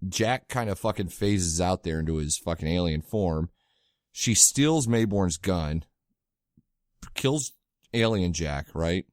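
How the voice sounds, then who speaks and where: Deep-voiced man, swearing and excitable. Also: slow pace, no room sound, clean studio sound. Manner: excitable, swears a lot, animated retelling. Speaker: podcast co-host. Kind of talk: casual chat.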